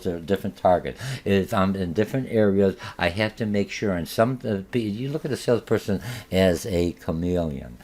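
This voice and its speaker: A man's voice: low-pitched, a little mellow. A man teaching a college marketing lecture in a rambling, conversational way, with many restarts and acted-out examples. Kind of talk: recorded lecture.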